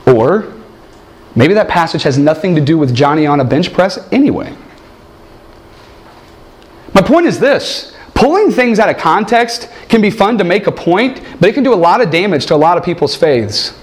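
Lively male preacher, high and very expressive voice, humorous sermon storytelling. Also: normal speed. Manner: animated, jokey, shifts into loud acted quotes.

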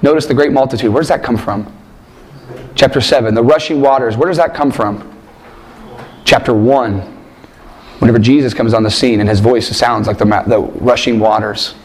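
A man's voice: mid-range voice, moderate pace, pauses often, a little mellow. Emphatic man preaching a sermon. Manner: emphatic, rhetorical questions, repeats phrases for stress. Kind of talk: sermon with scripture reading.

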